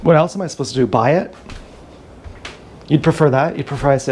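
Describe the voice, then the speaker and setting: A man's voice: medium pitch, a little fast, a little mellow, a little hiss or hum. A man streaming live, talking in a rambling comic monologue full of restarts and asides. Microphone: action camera.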